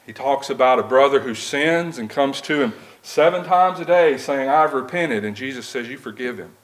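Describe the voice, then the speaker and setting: A man's voice: mid-range voice, expressive, normal speed, poor audio. A man preaching a sermon in a plain, conversational way. He reads scripture aloud and stops to ask his listeners rhetorical questions.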